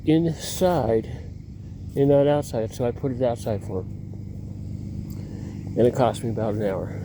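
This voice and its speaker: A man vlogs outside against a noisy background, speaking in a medium-pitched voice at a measured pace. His personal stories wander, he interrupts himself often, and he chuckles at his own anecdotes.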